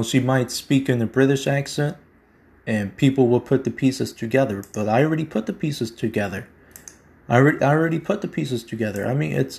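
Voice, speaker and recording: A man's voice: medium pitch, vocal fry, darkish tone. Emphatic man ranting a conspiracy theory. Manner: emphatic, repeats himself, slangy. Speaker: podcast host. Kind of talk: conspiracy monologue.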